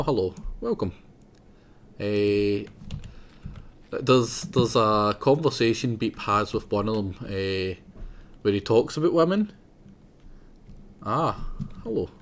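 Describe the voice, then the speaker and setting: A man's voice: fairly low pitch, expressive, slow, long pauses. A young man rambling casually through live gameplay commentary, chatting to himself and laughing often. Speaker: game streamer.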